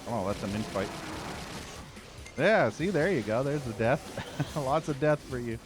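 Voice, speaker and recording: A male streamer talks over his gameplay in a mid-range voice, swearing and ranting as enemies attack from all sides. Loud game music, gunfire and explosions play behind him. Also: mid-range voice, lively intonation, measured pace. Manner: profane, frustrated ranting. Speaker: streamer playing a shooter game. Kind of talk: live gameplay commentary.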